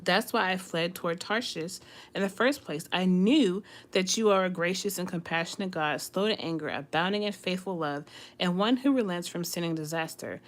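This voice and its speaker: A woman's voice: lowish voice, moderate pace. A woman leading a casual Bible study, reading scripture aloud and explaining it in a chatty, conversational way.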